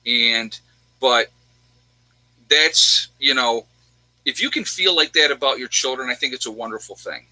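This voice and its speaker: A man's voice: medium pitch, a little slow, long pauses, bright, forceful tone, no room sound, low-quality recording. A middle-aged man, the host, telling a personal story in a rambling, emotional way, fighting back tears and laughing. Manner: rambling, repeats himself, gets teary and laughs.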